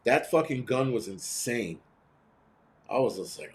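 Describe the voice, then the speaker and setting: Man, live-stream host, casual rant, profane, blunt, mid-pitched voice, responds to comments. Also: animated, a little slow. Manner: mimics others in quoted voices.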